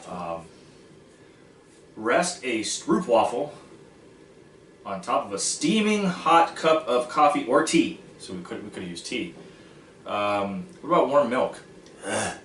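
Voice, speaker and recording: A man's voice: fairly low pitch, a bit bright, a little hiss or hum. A man hosting a casual food-tasting vlog, goofy and self-mocking as he jokes about snacks. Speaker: vlog host. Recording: echoey room from far off.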